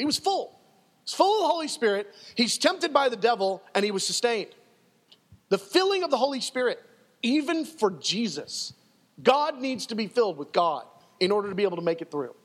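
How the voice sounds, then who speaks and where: A man's voice: extremely high pitch, a bit bright. A male pastor preaching a sermon in an emphatic, conversational way, often repeating himself for effect. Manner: emphatic and conversational, with frequent repetition. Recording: long reverb of a hall.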